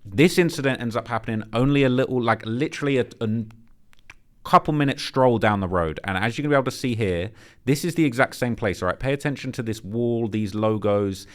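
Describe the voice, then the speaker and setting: A man hosting a commentary channel, reacting to footage in an animated, speculative, blunt and slangy way. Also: medium pitch, a little fast.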